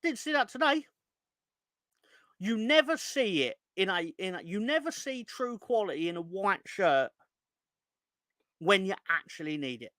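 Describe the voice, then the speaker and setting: A man's voice: high-pitched, sing-song, a little slow, long pauses, sharp tone, dry recording, studio quality. A young man hosting a fan live stream, ranting in an exasperated, sweary way and reading out chat hellos. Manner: exasperated, sweary, rising into angry outbursts. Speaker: fan channel host.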